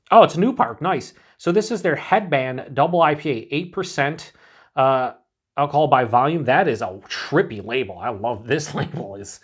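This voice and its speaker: An enthusiastic man chats at a mid pitch as he unboxes beer, rambling and thinking aloud. A faint hiss sits under his voice, with packaging crinkling now and then. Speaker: beer reviewer. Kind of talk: casual unboxing chat.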